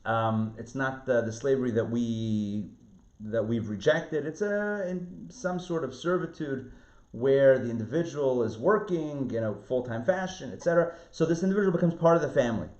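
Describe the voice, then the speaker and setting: Lively rabbi teaching a class online. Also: male voice, mid-range voice, moderate pace. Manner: lively, repeats words and restarts, asks the class questions. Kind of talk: online Torah class lecture. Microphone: video call. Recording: roomy, muffled video-call audio.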